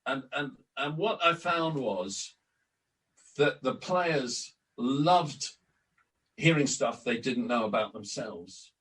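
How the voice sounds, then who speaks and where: A man's voice: medium pitch, expressive, takes it slowly, a bit bright. Older man telling stories, set back from the mic. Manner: anecdotal, acts out quoted exchanges, frequent restarts. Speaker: interview guest, former club announcer and editor. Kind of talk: storytelling in a relaxed podcast interview. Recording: distant from the mic.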